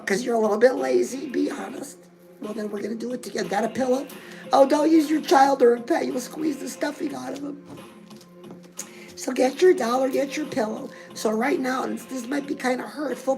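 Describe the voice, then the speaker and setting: A woman's voice: sits high, gravelly, rough recording. A middle-aged woman hosting a comedic fitness and lifestyle show, gushing and chatty, forever calling the viewer girl. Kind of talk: comedic character monologue.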